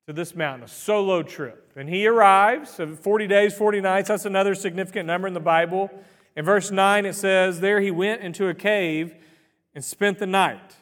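Pastor, male, 30s, high voice, chatty animated preaching, reverberant sanctuary sound. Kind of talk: sermon. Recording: reverberant hall.

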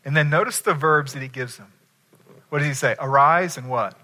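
A man's voice: on the high side, a little fast, bright, forceful tone. A man preaching a sermon, emphatic and asking his listeners questions. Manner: emphatic, asks the congregation questions. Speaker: pastor.

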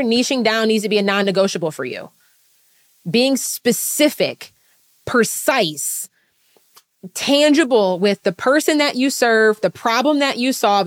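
A woman business coach giving a live talk to an audience, fast and emphatic, blunt, with casual swearing. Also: on the high side.

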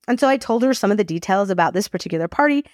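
A woman hosting a faith podcast, telling a personal story in a lively, expressive, casual way. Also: mid-range voice, rapid-fire, no room sound, clean studio sound. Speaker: podcast host. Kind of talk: faith-based storytelling talk.

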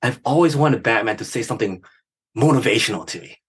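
Upbeat middle-aged male guest, husky tone, mid pitch, lively storyteller. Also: quick pace. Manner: upbeat, animated storytelling with laughs. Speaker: guest, business strategist. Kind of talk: casual interview talk.

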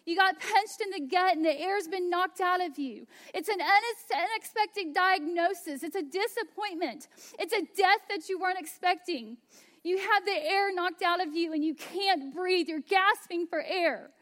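A woman pastor in her thirties preaching a sermon, slow and emphatic, dropping to hushed asides. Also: extremely high pitch.

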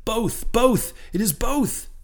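A man reading an audiobook voices a bold male harpooner with loud, urgent calls, pitched well above his usual voice. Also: very animated, slow pace, heavily acted. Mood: joyful. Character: bold male harpooner shouting aboard a whaling ship.

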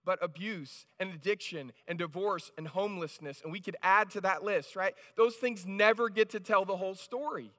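A male pastor with a high-pitched, slightly bright voice delivers a sermon at a moderate pace with few pauses. The reverberant hall carries his conversational style, with frequent restarts and "right?" checks with the congregation.

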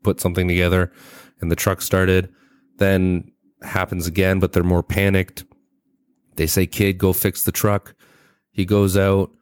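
A man with a deep, low voice recaps a film on his podcast, casual and loose. He trails off, restarts and swears freely. The sound is dry and close, with no room echo. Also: a little mellow. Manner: rambling and profane, with many fillers and restarts. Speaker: podcast host. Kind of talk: casual movie review podcast.

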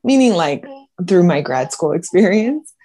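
A woman's voice: fairly low pitch, big pitch swings, a little slow, warm tone. A woman co-hosting a podcast from home, talking candidly and reflectively in casual chat, with lots of "like". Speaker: podcast co-host, psychologist.

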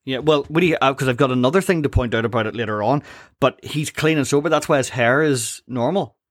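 A man's voice: medium pitch, quick pace, dry recording. Young guy chatting on a podcast, lots of ums, dry close sound. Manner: chatty, laughs often, hesitant with ums. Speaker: podcast co-host. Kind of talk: casual chat recapping a cartoon episode.

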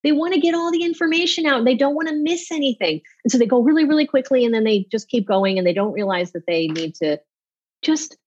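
A woman speaking as a public speaking coach in an off-the-cuff interview, animated and demonstrating with her voice. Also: high voice, fast talker, dull audio.

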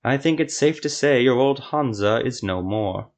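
A man voicing a calm, smug male sorcerer in a fantasy audio story, speaking in a needling way. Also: mid-range voice, normal speed, lightly acted.

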